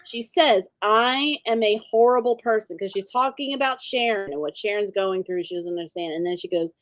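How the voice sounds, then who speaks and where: A woman co-hosting a podcast in a casual recap chat, emphatic and quick to laugh. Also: medium pitch, no echo. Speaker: podcast co-host.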